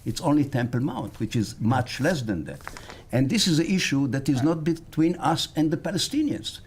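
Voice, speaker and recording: Male professor, talks slow and careful with lots of uhs. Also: a little high, animated, slightly rough. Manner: measured and explanatory, with fillers. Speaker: professor, panel guest.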